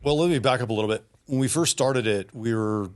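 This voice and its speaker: Man, podcast guest, casual storytelling, average pitch, easygoing and animated. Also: fast talker. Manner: animated, laid-back, swears freely.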